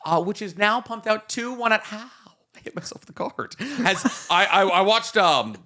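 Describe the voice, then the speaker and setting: A man co-hosting a casual podcast, riffing with lots of swearing and rambling jokes. His voice sits on the high side and rings bright. It swings widely in pitch as he talks. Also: expressive, moderate pace. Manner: joking, profane, rambling riffs. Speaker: podcast co-host.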